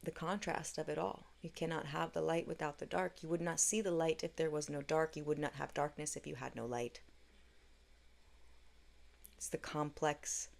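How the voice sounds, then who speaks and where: A woman with a deep voice and a gravelly fry shares a reflective spiritual monologue. She speaks earnestly and candidly and swears now and then. Her tone stays low and grounded throughout. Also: steady tone, moderate pace. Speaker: spiritual podcast host.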